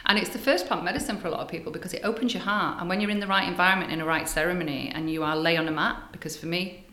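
An older woman, a spiritual healer, telling stories in a casual interview, animated and dropping into hushed asides. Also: on the low side, very fast. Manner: animated, breathy storyteller, drops to hushed asides. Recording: echoey room.

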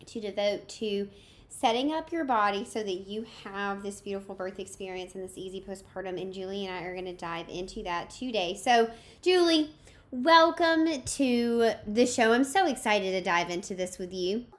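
A woman's voice: medium pitch, a little fast. A woman hosting a podcast, introducing her guest with bubbly enthusiasm. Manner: enthusiastic, effusive. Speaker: podcast host. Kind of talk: podcast interview.

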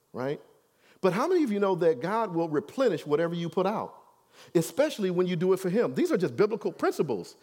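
Male pastor, storytelling sermon, chatty check-ins, somewhat high voice. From Detroit, USA. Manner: conversational, keeps checking in with "right?".

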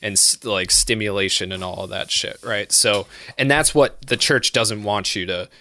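A man's voice: fairly low pitch, normal speed, pushed and bright. A man chatting casually on a podcast, telling stories in a rambling, profane way with lots of fillers. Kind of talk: casual chat.

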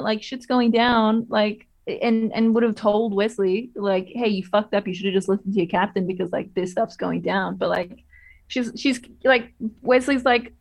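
Woman cohost, casual recap chat, laughs a bunch, swears, mid-pitch voice. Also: vocal fry. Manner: laughs often, swears, animated retellings. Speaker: podcast co-host.

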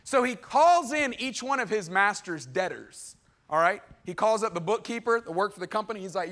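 Brief: male pastor, high voice, chatty sermon delivery that voices the people in his story. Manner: lively, conversational preaching with asides to the crowd; acts out characters in quick voiced exchanges.

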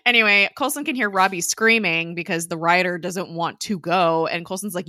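A woman's voice: lowish voice, normal speed, pushed and bright, no room sound, studio quality. A woman casually recapping a TV episode as a podcast co-host, laughing often and using lots of filler words.

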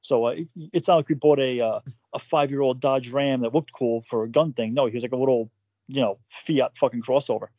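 A man telling his own story in casual conversation, swearing freely, stumbling over repeated words and acting out quotes with jumps in pitch. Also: fairly even intonation, a little fast, warm tone, no echo, muffled recording.

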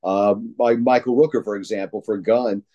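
A man's voice: fairly low pitch, steady tone, normal speed, dark tone, lo-fi sound. A man in casual chat, rambling with many fillers and restarts. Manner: rambling, filler-heavy, enthusiastic fan talk.

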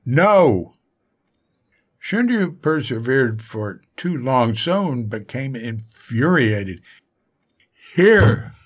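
Male audiobook narrator, mid-pitched, unhurried, measured reading. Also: very animated, husky. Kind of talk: scripted narration.

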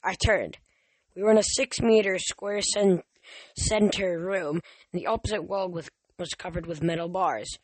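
This amateur audiobook has a man reading a novel in a voice that sits high, his intonation fairly even and his speed normal. He often stumbles and goes back to restart words, and there is no echo.

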